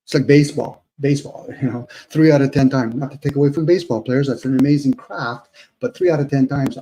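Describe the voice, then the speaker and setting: A man's voice: fairly high pitch, brisk, warm tone, rough recording. A man on a live online panel, reflecting at length with everyday analogies and often addressing the host. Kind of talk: casual live-stream chat.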